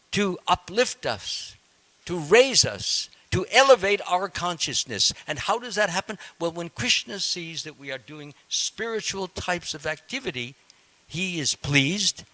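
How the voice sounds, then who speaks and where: A man with a fairly high, bright and forceful voice teaches a devotional scripture class. He talks in a conversational way, builds each point step by step, and now and then turns to quiz his listeners in the temple hall. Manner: conversational, explains step by step and quizzes the audience.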